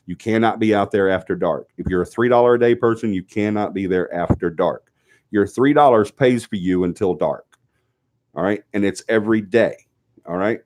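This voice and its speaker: Deep-voiced sniffly Southern man. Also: a little mellow. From Alabama, US South. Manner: rambling and chatty, full of fillers and restarts, firm on rules. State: sniffly, coming down with a cold. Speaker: host of a paranormal team's live show. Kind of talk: casual live-stream announcements.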